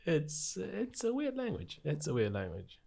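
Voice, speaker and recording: A man in a casual podcast chat who explains his points in an animated way. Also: on the high side, measured pace, creaky.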